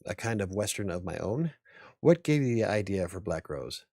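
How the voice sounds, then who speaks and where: A man hosting a casual interview, easygoing and a bit halting as he talks. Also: low voice, very animated, vocal fry, dark tone, no echo, studio quality. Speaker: host.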